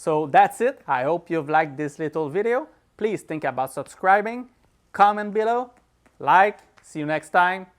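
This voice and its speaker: A man's voice: high voice, animated, a little slow. A man with a French accent, a native French speaker, hosting a screen-recorded app tutorial and walking through each step in an easygoing way with small laughs. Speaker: tech tutorial host.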